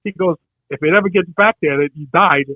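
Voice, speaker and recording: An older man, the hosts' father, tells a story in casual chat, acting out what other people said. His high-pitched voice comes through a dry, narrow, tinny recording, and he tells it rapidly and excitedly.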